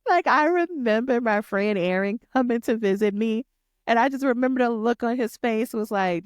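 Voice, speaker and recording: A woman, hosting a podcast and telling a personal story in a lively, chatty way, acting out what others said. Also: fairly high pitch, brisk, no echo, studio quality. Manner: animated, talks to listeners as y'all, acts out quotes. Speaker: podcast host. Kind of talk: storytelling monologue.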